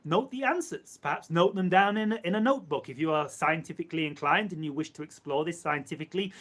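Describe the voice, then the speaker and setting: A man in a live channeling session who speaks as a collective "we", in measured, repetitive phrases. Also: fairly high pitch, fairly bright tone. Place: live stream.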